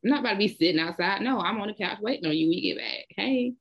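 A woman's voice: medium pitch, very fast, breathy edge, muffled recording. A woman with a Southern US accent, co-hosting a casual chat and telling bold, blunt stories. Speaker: podcast co-host.

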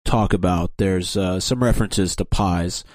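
A man co-hosting a podcast talks in a lowish, relaxed voice. He tells a meandering side story with steady pacing and the odd "uh." The sound is dry and close to the mic. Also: measured pace, no echo. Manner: steady, storytelling, a few fillers. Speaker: podcast co-host. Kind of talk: casual chat.

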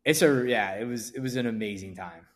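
A man with a fairly low voice talks loosely on a podcast. He rambles, restarts his sentences and leans on fillers, easygoing throughout. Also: fairly quick, a bit bright. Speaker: event promoter guest. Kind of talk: casual podcast interview.

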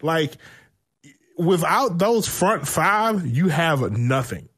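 A man chatting casually about football, animated and profane, telling stories and laughing often. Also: a little high, extremely slow, breathy edge. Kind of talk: casual sports chat.

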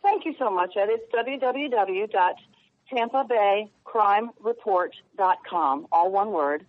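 A woman journalist speaking earnestly and emotionally as a guest in a radio interview, halting now and then. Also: medium pitch, expressive. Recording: tinny phone line.

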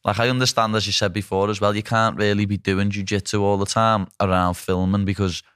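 A man's voice: on the low side, level tone, a little fast, a bit bright, smooth, no echo, clean studio sound. A man with a Scouse accent interviewing a guest in a chatty, casual way with local slang. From Liverpool, England.

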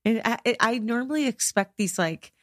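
A woman's voice: on the high side, expressive, normal speed, no room sound, clean studio sound. A woman co-hosting a true-crime podcast, giving short, teasing replies. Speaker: podcast co-host.

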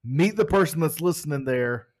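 A man's voice: fairly high pitch, animated, normal speed. A man co-hosting a casual podcast, playful and joking as he reads reviews. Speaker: podcast co-host.

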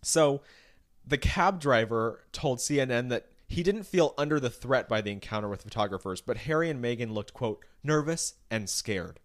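A man's voice: mid-range voice, expressive, moderate pace. A man co-hosting a casual celebrity news podcast, asking incredulous, sarcastic questions and reading news excerpts aloud with asides. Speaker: podcast co-host.

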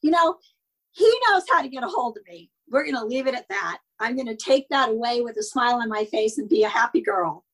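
Here a husky, somewhat high-pitched woman speaks a little fast on a low-quality recording. She's an older podcast guest who tells personal stories wistfully in relaxed conversation, with occasional laughter.

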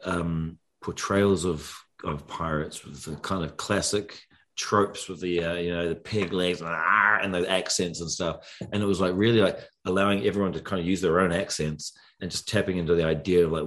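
Low-voiced relaxed male guest. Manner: relaxed, musing, jokey. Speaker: actor and filmmaker guest. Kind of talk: casual interview chat.

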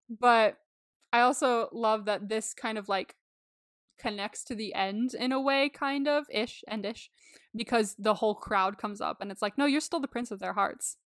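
A young woman co-hosting a podcast gushes her way through casual chat, laughing often and swearing freely. She talks a little slowly in a slightly high, fairly bright voice, and the clean studio sound has no echo.

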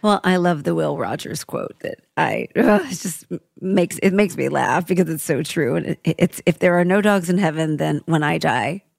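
A woman hosts a podcast and chats casually, laughing easily. Her voice is low and gravelly. The recording is close and dry, with faint music underneath. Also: expressive, normal speed, few pauses, no echo. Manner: warm, laughing listener. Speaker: podcast host. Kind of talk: casual chat.

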